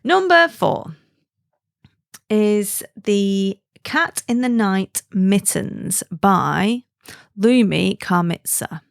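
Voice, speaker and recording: A woman's voice: medium pitch, expressive, very slow, vocal fry, no room sound, clean studio sound. A woman hosting a casual podcast, chatty and giggling at her own jokes. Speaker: podcast host.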